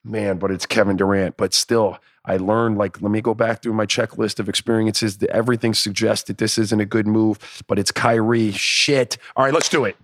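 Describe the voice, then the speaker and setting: A man co-hosting a casual sports podcast, talking in animated, profane riffs and acting out imagined inner dialogue. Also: fairly low pitch, moderate pace, hardly any pauses, dry recording, studio quality. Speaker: podcast co-host.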